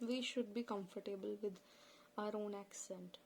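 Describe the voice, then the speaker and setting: Woman, Punjabi accent, unhurried earnest lesson host, mid-pitched voice, faint hiss behind. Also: steady tone, creaky, a little mellow, rough recording. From India. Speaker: channel host. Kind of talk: informal spoken lesson.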